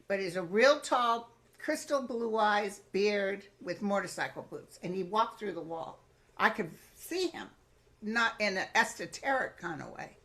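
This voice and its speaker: A woman, a psychic medium guest in an interview, telling personal stories in a lively, colloquial way and acting out the voices she quotes. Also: medium pitch.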